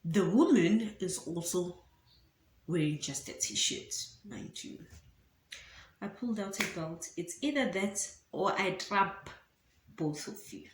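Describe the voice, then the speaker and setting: A woman's voice: on the low side, slow, a little hiss or hum. A young woman from South Africa with a South African accent, telling a dramatic story in a casual storytime vlog. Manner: animated, dramatic, mixes in Zulu phrases. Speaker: YouTuber. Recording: echoey room.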